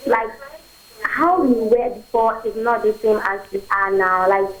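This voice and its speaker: A woman calling in to a talk show, speaking softly and hesitantly about her confusion. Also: medium pitch, unhurried, rough recording. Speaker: phone-in caller. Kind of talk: call-in confession.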